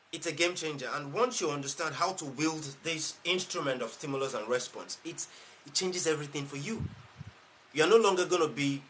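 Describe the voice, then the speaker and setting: A life coach with a Nigerian English accent speaks on a live stream in a bright, forceful voice pitched a little above most men. He is emphatic, repeats his key lines for weight and keeps asking rhetorical questions. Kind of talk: motivational live-stream talk.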